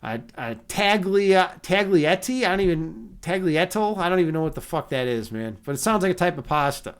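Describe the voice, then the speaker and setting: A man's voice: high voice, expressive, a little fast, hardly any pauses, clean tone. A man streaming casually and talking with his chat in a loose, profane, rambling way. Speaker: livestreamer and meditation teacher. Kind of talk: casual livestream chat reading viewer comments.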